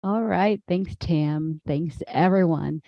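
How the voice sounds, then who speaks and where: A woman moderator giving thanks and announcements at the close of a webinar, in a brisk, scripted way. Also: fairly low pitch, creaky, dry recording. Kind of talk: closing announcements. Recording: dull, muffled call audio.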